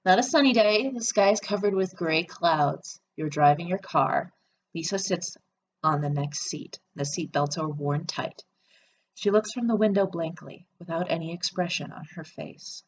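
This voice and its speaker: A woman's voice: fairly low pitch, moderate pace, a little hiss or hum. A woman reading an interactive horror story game aloud and adding chatty, sarcastic asides.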